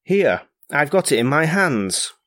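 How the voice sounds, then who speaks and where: A man voicing a humble, stubborn peasant from a folk tale, in a slow and plain storybook reading. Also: a little high, very animated, fairly bright tone, no room sound, clean studio sound, pitched above the performer's own voice.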